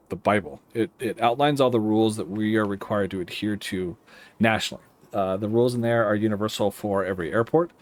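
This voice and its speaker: Rambling man giving radio calls. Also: lowish voice. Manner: rambling, self-interrupting, gives radio calls mid-chat. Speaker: air traffic controller playing a simulator. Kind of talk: casual gameplay commentary.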